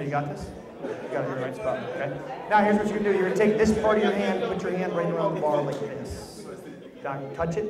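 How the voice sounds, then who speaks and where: High-pitched male coach, emphatic and directive, live in an echoey room full of people. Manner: emphatic and directive, repeats his cues. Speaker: motivational coach leading a group exercise. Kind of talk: live instruction to a group. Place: large room with an audience. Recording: echoey hall with crowd noise.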